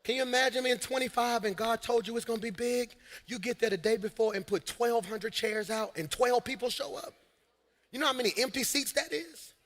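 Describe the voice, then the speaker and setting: A man preaching a lively sermon from a church stage, shouting, laughing and talking to his congregation. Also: very high voice, brisk. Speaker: pastor. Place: large church hall on stage. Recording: long hall reverb.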